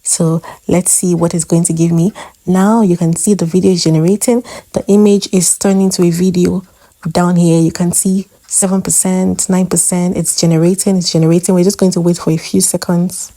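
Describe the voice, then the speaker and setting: A woman's voice: lowish voice, flat delivery, normal speed, warm tone, dry recording. A woman hosting a tutorial, explaining step by step with occasional fillers. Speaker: host. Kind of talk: tutorial narration.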